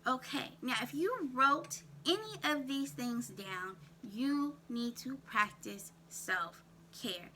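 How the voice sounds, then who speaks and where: Woman self-care coach, slow deliberate pace, bright voice, faint hum behind. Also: high-pitched, expressive. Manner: asks viewers rapid questions, repeats "write that down". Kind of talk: direct-to-camera coaching talk.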